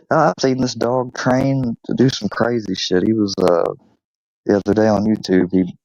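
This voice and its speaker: A man's voice: mid-range voice, vocal fry, darkish tone, no room sound, lo-fi sound. A man hosting his channel, telling stories about his dog in a casual, swearing way and slipping into baby talk with the dog. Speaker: channel host. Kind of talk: casual storytelling to camera.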